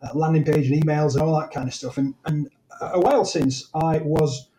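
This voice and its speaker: A man's voice: on the high side, normal speed, dark tone, a little hiss or hum, poor audio. A man from Sheffield in the north of England, a podcast guest chatting casually and telling stories with many restarts. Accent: Sheffield English. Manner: rambling, self-correcting storyteller. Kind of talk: casual interview chat.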